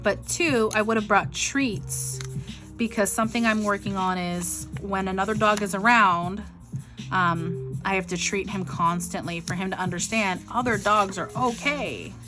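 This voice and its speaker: Over music, a middle-aged woman tells a rambling, frustrated story in a casual vlog, sounding near tears. Her voice is medium in pitch and unhurried, and her speech is full of likes and ums.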